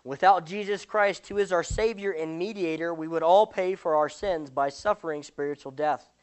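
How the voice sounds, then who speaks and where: A religious speaker teaches a doctrine and then reads a long parable to the listeners. The delivery is earnest and deliberate, at a middle pitch. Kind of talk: sermon with parable reading.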